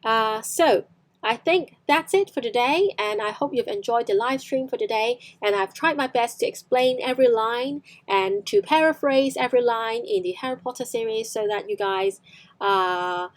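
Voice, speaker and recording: A young woman whose first language is Cantonese, teaching English on a live stream and repeating lines slowly for practice. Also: a little high.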